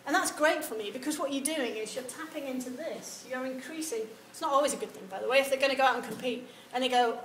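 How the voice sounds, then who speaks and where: A high-pitched woman lectures students in an echoey room, lively and acting out sample answers in quoted voices. A faint hum of noise sits under her voice. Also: fast talker, hardly any pauses. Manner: animated, acts out example replies. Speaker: university lecturer. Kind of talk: lecture on research methods. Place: lecture hall.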